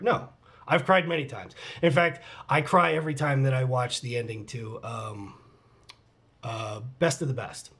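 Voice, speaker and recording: A middle-aged man casually answering fan questions in a vlog, candid and relaxed, with mock-dramatic asides and casual swearing. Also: medium pitch, measured pace. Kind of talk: casual chat, reading out comments.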